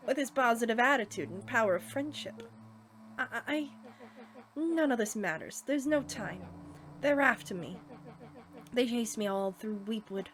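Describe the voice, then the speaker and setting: A woman's voice: a little high, animated, normal speed, pauses often, a bit bright. A woman voicing a dejected, resentful young male monster in a game she reads aloud. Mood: bitter. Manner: sullen, resentful.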